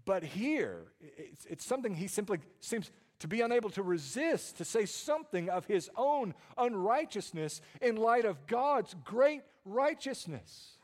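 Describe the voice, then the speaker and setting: A man, preaching a sermon with dynamic swings from hushed tones to loud emphasis and frequent repeated words. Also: sits high, sing-song, unhurried, hardly any pauses. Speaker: pastor.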